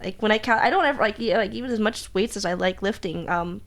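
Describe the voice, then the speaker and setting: Bubbly chatty woman guest. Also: medium pitch. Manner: bubbly, chatty, quick to laugh, many fillers. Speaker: guest, jiu-jitsu black belt. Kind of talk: casual interview chat.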